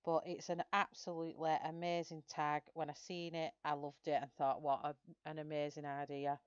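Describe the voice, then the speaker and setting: A woman's voice: low-pitched, level tone, moderate pace, clear, resonant tone, no echo, lo-fi sound. A woman with a broad Lancashire accent from Greater Manchester, chatting casually on a livestream and answering viewers' comments. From Greater Manchester, England. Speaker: livestream host colouring.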